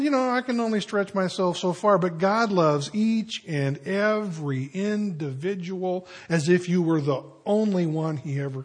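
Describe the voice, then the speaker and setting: A man's voice: on the high side, slightly rough. An older man, a pastor, preaching a sermon to his congregation with folksy storytelling and conversational asides.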